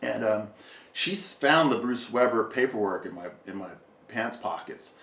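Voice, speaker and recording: A man's voice: mid-range voice, animated, normal speed, creaky, fairly bright tone, far from the mic, slight background noise. Roomy off-mic man telling a story. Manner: rambling, filler-heavy, laughs often. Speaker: podcast guest. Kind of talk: casual storytelling.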